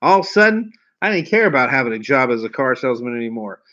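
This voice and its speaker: Man in his forties, folksy, swears freely, mid-pitched, muffled lo-fi audio. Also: very animated, fast talker, bright, forceful tone. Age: 40s. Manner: swearing, folksy, rambling storyteller. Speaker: car sales trainer. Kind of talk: storytelling to camera. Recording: dull lo-fi recording.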